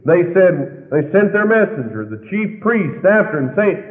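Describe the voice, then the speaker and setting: Preacher guy going hard, voice jumps high and low, sounds like a phone-quality tape. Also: sing-song, unhurried. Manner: preaching with sudden loud, high swings. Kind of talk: fiery sermon. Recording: tinny, lo-fi recording in a long-echo hall.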